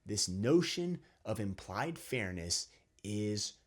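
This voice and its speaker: A man's voice: lowish voice, big pitch swings, slow pace. A young adult man giving an opinion monologue as a channel host, lecturing and checking in with "okay?" again and again. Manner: lecturing, repeats "okay?" often.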